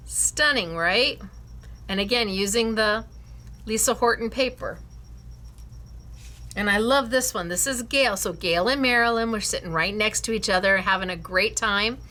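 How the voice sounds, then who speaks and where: Slow, bright-voiced woman hosting a craft class. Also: mid-range voice. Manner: enthusiastic, gushing, laughs often. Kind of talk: showing and praising students' cards.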